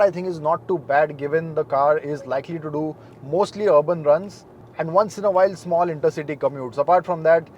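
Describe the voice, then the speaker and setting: A young man presenting a car review in a measured, matter-of-fact way. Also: a little high, dull audio, a little hiss or hum.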